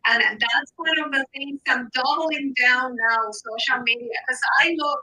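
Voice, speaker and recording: A woman with an accent talking on a video call, her voice high and bright. She speaks animatedly and often repeats words as she goes. It is a relaxed, chatty delivery. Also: a little slow, low-quality recording. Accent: foreign accent. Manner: animated, enthusiastic, repeats herself. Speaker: guest. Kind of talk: casual chat.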